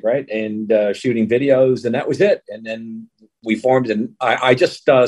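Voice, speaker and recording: A man, a guest voice actor and musician, chatty and joking in a casual interview over a remote call. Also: medium pitch. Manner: chatty and jokey.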